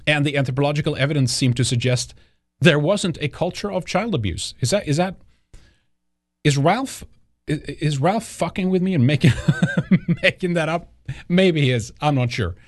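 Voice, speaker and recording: A man's voice: medium pitch, dry recording, clean studio sound. A man hosting a news commentary podcast, talking in a rambling, indignant way and swearing often. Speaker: podcast host.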